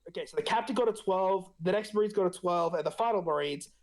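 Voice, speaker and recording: A man running a tabletop game as game master, casual and laughing, with halting restarts. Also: sits high.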